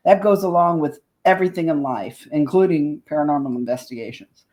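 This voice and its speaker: A woman's voice: sits low, a little fast, dark tone. An older woman co-hosting a radio talk show in casual chat, blunt and salty.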